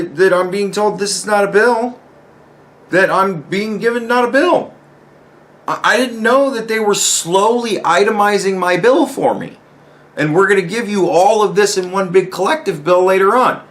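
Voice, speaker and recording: Exasperated, lively-pitched man ranting. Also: moderate pace. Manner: exasperated, profane, rhetorical questions. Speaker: commentary host. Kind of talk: ranting personal commentary.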